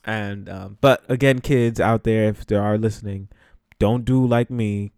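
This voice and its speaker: A man's voice: on the low side, steady tone, measured pace, darkish tone, clean tone, no room sound, clean studio sound. A young man from the Bronx hosting his podcast, telling a story casually, swearing freely and laughing often as he talks. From the Bronx, New York. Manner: laughs often, profane and loose. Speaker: podcast host.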